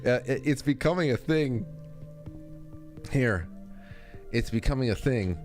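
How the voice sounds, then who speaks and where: A male podcast host, mid-pitched and easygoing. He rambles through his stories, stops himself mid-sentence and laughs along the way. Faint music sits behind him. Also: animated, measured pace, darkish tone. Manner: rambling, laughing, self-interrupting. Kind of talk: casual comedic chat.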